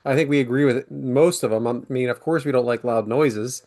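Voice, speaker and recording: A man's voice: medium pitch, a little fast, a little mellow. A man hosting a podcast, leading segments in an upbeat, casual way and laughing often. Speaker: podcast host. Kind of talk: casual chat.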